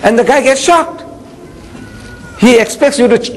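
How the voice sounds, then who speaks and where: A man's voice: sits high, a little fast, pauses often. An older man giving a religious lecture, telling stories with humour and acting out the dialogue. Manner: lively storytelling, acts out dialogue with humour. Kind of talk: lecture to an audience. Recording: long reverb of a hall.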